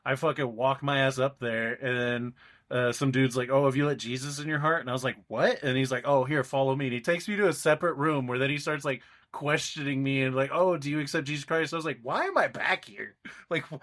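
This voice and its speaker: A man's voice: medium pitch, steady tone, fast talker, a bit bright. Young man telling a rambling story. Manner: rambling, acts out quoted people. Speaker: podcast co-host. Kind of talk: casual storytelling chat.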